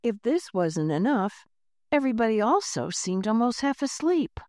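A woman reads a children's chapter book aloud, her voice warm and mellow and set fairly low. Her pitch rises and falls in a lively, expressive way, and the recording is close and dry. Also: normal speed, no echo. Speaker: narrator. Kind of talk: storybook narration read aloud.

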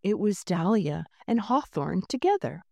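A woman narrating a children's storybook in a gentle, unhurried reading voice, lightly voicing the characters. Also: mid-range voice, very animated, vocal fry, no echo, studio quality. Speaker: audiobook narrator.

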